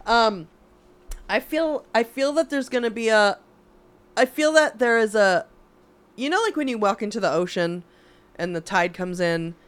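A woman's voice: on the high side, lively intonation, smooth. Reflective woman podcast co-host. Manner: reflective, encouraging, quick supportive replies. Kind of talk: casual chat.

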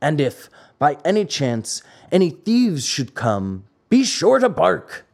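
A man voicing an angry, rough-spoken farmer scolding a thief. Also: a little high, wildly swooping pitch, slow pace, a little mellow, full character voice. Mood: stern. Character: angry gruff male farmer.

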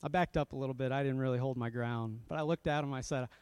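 Self-deprecating pastor telling a story. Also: male voice, medium pitch, fast, clear, resonant tone, no echo. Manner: self-deprecating, laughs often, animated storytelling. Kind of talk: sermon storytelling.

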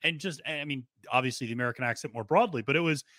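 Bright-toned easygoing podcast guest man. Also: medium pitch, racing, no room sound, clean studio sound. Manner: easygoing, filler-heavy talk. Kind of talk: casual horse racing chat.

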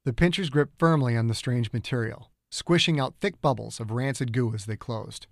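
A man reads a thriller audiobook in a steady, measured way. His voice sits in a middle range and the recording is dry and close, with no room sound. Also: medium pitch, vocal fry, no echo. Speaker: author and narrator. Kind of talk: scripted audiobook narration.

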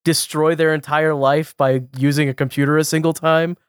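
A man's voice: on the high side, level tone, moderate pace, smooth, no room sound, clean studio sound. A man co-hosting a podcast, chatting casually with many restarts and frequent laughter. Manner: rambling, many fillers and restarts, laughs often. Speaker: podcast co-host. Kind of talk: casual chat.

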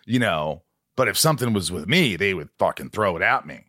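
Man, podcast host, low voice, lively pitch swings, dry close sound, animated storyteller. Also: fairly quick, no echo. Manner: animated storyteller, yells when acting out quotes. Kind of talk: casual chat.

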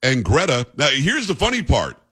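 A man's voice: medium pitch, huge pitch swings, normal speed, a bit bright, husky. A male radio talk show host in blunt, joking, opinionated banter with a co-host. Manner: blunt, joking, self-mocking.

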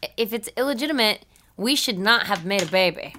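A woman's voice: mid-range voice, lively intonation, brisk, pushed and bright, slight background noise. A woman player chatting casually with a dry, wry manner. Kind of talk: casual chat.

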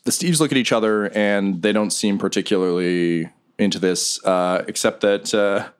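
A man running a tabletop game as game master, narrating scenes in a relaxed, rambling way. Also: on the low side, normal speed, smooth.

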